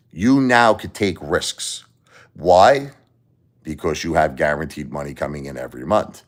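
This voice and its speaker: A middle-aged man with a Brooklyn accent hosting a casual livestream, rambling bluntly through stories and swearing freely. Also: low voice. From Brooklyn, New York. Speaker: livestream host and musician.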